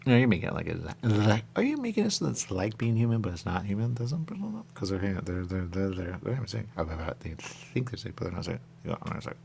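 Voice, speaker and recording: A man's voice: fairly low pitch, sing-song, a little fast, vocal fry, hardly any pauses, darkish tone, a little hiss or hum. A man hosting a radio show in loose, rambling on-air chat, drifting between thoughts and repeating stock phrases.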